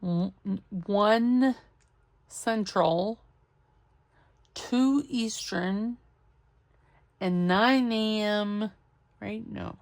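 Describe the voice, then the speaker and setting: A woman's voice: mid-range voice, extremely slow, long pauses. A woman hosting a crafting video, chatting casually and rambling as she searches for supplies and corrects herself. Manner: rambling, scattered, self-correcting. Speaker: craft channel host.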